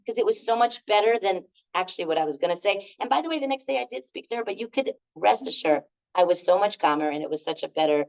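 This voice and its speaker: A woman's voice: medium pitch, expressive, quick pace, creaky, a little mellow. A middle-aged woman leading a live group workshop, telling stories in a chatty way with many fillers. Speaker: workshop leader. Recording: dull lo-fi recording.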